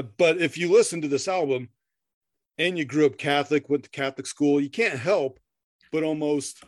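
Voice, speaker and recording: A middle-aged man co-hosts a podcast in casual chat, rambling, swearing freely, laughing often and stammering through restarts. His voice is fairly high, and the recording is dry with clean studio sound.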